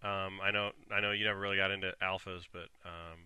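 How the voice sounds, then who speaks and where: A man's voice: low-pitched, level tone, fast, sharp tone, smooth, no echo. A man co-hosting a casual chat about TV, upbeat and laughing often. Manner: enthusiastic, laughs often, rundown of upcoming shows.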